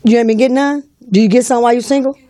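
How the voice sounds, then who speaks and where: A woman's voice: fairly high pitch, steady tone, very fast, dark tone. A woman hosting a live call-in show, talking in a bossy, teasing, slangy way into a studio mic. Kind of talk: casual live-stream talk. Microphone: studio microphone.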